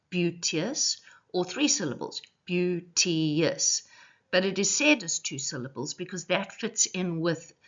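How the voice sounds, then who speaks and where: Measured woman teaching poetry. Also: on the low side, fairly bright tone, highs cut off. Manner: clear, measured explaining, slows to stress syllables. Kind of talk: recorded poetry lesson.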